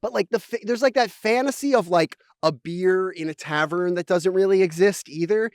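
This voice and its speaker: A man's voice: high voice, moderate pace, smooth, no echo, studio quality. A man co-hosting a podcast in casual comedic chat. He riffs freely and swears a lot. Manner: riffing, jokey, swearing freely. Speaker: podcast co-host.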